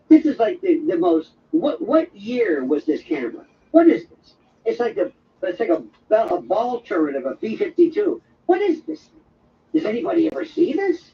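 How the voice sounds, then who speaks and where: A man hosting an overnight radio talk show. He tells a wandering, jokey monologue and slips into quick impressions. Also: very high voice, huge pitch swings, vocal fry, far from the mic, lo-fi sound. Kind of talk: rambling comic monologue.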